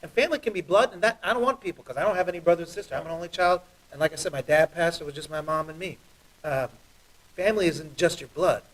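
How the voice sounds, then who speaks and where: A man who is a judge, talking earnestly and quickly as an interview guest, telling stories with animation. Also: a little high, distant mic, rough recording. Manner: earnest, fast, animated storytelling. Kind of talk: interview guest, heartfelt talk.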